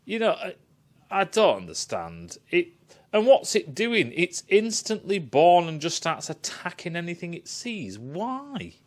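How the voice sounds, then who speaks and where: A man's voice: high-pitched, wildly swooping pitch, a little slow. A man giving a sweary, sarcastic rant reviewing a film.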